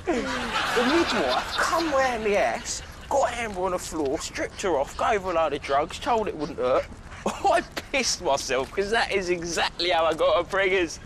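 A man's voice: high voice, very animated, measured pace. An actor playing a brash young lad and new dad in a comedy sketch, bragging and laughing at his own jokes. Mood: boastful. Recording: noisy sketch show audio.

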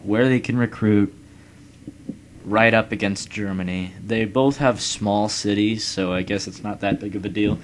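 Young man, gameplay commentary, low voice, loud hiss under the recording. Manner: rambling, swears at rival nations, reads game text aloud. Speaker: let's player.

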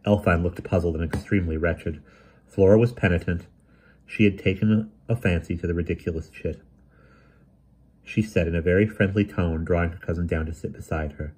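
Husky low-voiced male reader. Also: fairly even intonation, normal speed, a little mellow. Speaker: audiobook reader. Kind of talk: reading a novel aloud.

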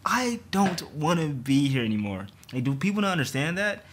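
A young man vlogging a frustrated, animated rant about his job, stumbling and restarting as he talks. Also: fairly high pitch, moderate pace, a little hiss or hum. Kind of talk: ranting to camera.

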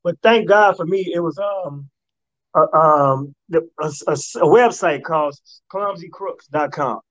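A man telling stories on a talk show in a relaxed, rambling way. His voice sits a little high for a man. The sound is dry and slightly dull. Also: measured pace, no room sound. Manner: laid-back storyteller who slips into mock voices. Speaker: guest comedian. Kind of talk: casual storytelling on a radio talk show.

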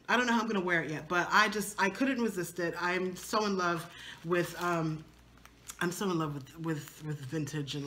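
Woman doing a thrift haul vlog, bright forceful voice, super chatty and animated, bits of aave slang. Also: lowish voice, slight background noise. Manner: animated, chatty, acts out arguments with her husband in playful voices. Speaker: fashion vlogger. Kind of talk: casual thrift haul chat.

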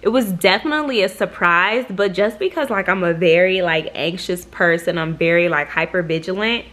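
A woman's voice: on the low side, moderate pace, a bit bright. Chatty young woman vlogger telling a story. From Michigan. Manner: chatty, swears freely, acts out quotes. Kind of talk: casual storytime vlog.

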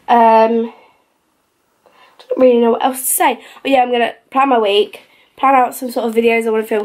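A young woman vlogging at home in her bedroom, filming herself on a handheld camera. She talks quickly and chattily, rambling along and sounding a little out of breath. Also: fairly high pitch, a little mellow. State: slightly out of breath. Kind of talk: casual vlog chat.

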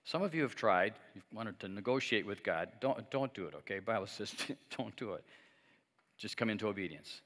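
Middle-aged male pastor, lowish voice, chatty sermon delivery with audience call-and-response, church hall echo. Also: expressive, normal speed, fairly bright tone. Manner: conversational, asks the congregation to respond and repeat; joking asides with light laughs. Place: church sanctuary. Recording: long reverb of a church hall.

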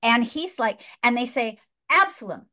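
Excited woman retelling a film as a sermon. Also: mid-range voice, moderate pace. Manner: excited, emphatic, repeats herself. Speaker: guest. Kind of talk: animated storytelling in a faith talk.

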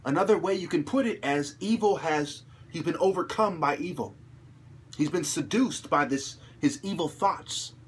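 A man delivering an angry, profane monologue to his viewers, ranting aggressively and rising to shouts. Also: fairly high pitch, normal speed, breathy edge. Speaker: channel host.

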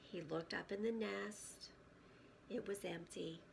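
A woman preschool teacher reading a picture book aloud to children, gentle and often hushed, stopping to ask questions. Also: mid-range voice, slow pace, creaky, slight background noise.

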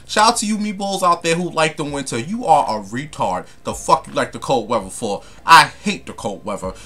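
A man's voice: a little high, animated, a little fast, bright, forceful tone. A young man, ranting to camera in a sassy, profane, emphatic way. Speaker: vlogger. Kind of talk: casual rant to camera.

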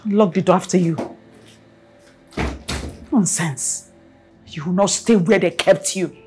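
A woman's voice: on the low side, slow, over music. A middle-aged woman with a Nigerian accent playing a proud, domineering mother who scolds and scorns, repeating herself. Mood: furious. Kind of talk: film acting.

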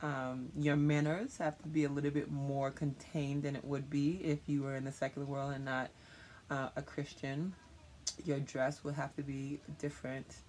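Youth leader, earnest, reflective, pauses with fillers, middle pitch, faint room hum behind. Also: level tone, darkish tone. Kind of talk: answering interview questions.

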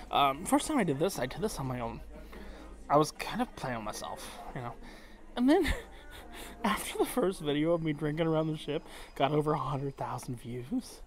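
A drunk man talks straight to camera on a cruise ship, rambling and swearing as his emotions run high. His voice sits fairly high for a man. It also rises and falls a lot. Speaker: cruise vlogger. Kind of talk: casual vlog monologue.

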